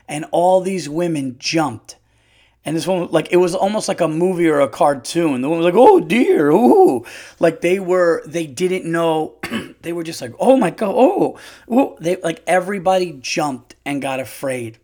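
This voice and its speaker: A middle-aged man hosting a solo podcast, telling a story in an animated way, swearing freely and laughing as he goes. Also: fairly high pitch. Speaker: podcast host.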